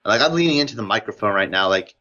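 A man's voice: on the low side, animated, very fast, pushed and bright, slight background noise. Brief: man, rambling gamer chat, lots of "like", muffled lo-fi recording. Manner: rambling, heavy use of "like", enthusiastic fan tone. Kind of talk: casual podcast chat. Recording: dull lo-fi audio.

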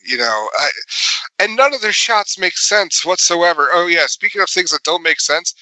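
Bright-voiced man rambling through a recap. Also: high-pitched, animated, moderate pace, dry recording, poor audio. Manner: rambling, laughing, heavy on fillers. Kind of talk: casual movie recap chat.

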